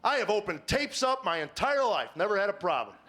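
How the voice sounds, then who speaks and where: A middle-aged man doing stand-up, telling a story and acting out the dialogue with lively voice shifts. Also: high voice, fairly quick. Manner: animated, acts out dialogue with voice shifts. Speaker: stand-up comedian. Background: audience laughter.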